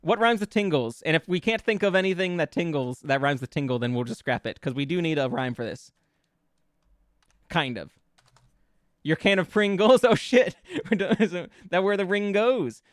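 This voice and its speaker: A male VTuber with a high-pitched voice and moderate pace hangs out with his chat in a casual live stream, giggling, stammering through restarts, and playfully riffing on song lyrics they're brainstorming. There's no echo.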